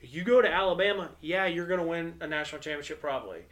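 Chatty man, slightly higher voice. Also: fast, fairly bright tone. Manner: rambling, filler-heavy, chatty. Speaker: podcast host. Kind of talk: casual sports chat.

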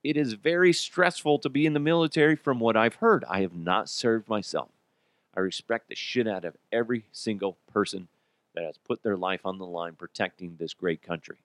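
A man's voice: lowish voice, normal speed, dry recording. A man hosting a comedy podcast alone, swearing freely and laughing often as he rants. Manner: profane, animated, laughs often. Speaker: podcast host. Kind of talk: comedic solo commentary.

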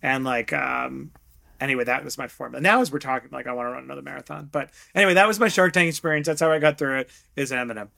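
A man's voice: mid-range voice, quick pace, gravelly. Middle aged guy telling stories on a podcast, acts out quotes, laughs a lot. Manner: animated storyteller, acts out quotes, laughs often. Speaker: guest investor. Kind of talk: casual interview chat.

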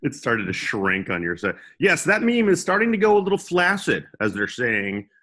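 A man's voice: medium pitch, huge pitch swings, normal speed, sharp tone. A young man co-hosting a comedy podcast, joking around and slipping into silly voices. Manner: goofy, puts on silly voices. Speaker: podcast co-host.

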